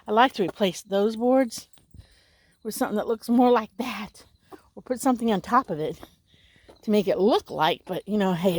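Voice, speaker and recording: A woman's voice: moderate pace, long pauses. A woman, chatting casually in a vlog outdoors by her house and talking to her dogs. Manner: chatty, talks to her dogs in a high baby voice. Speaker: vlogger. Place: outdoors around a country house.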